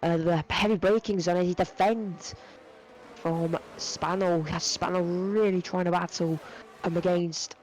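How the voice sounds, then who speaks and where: A man's voice: sits high, fairly even intonation, measured pace, darkish tone, a little hiss or hum, low-quality recording. A young man giving live sim racing commentary, rambling with lots of fillers and self-corrections. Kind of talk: live esports race commentary.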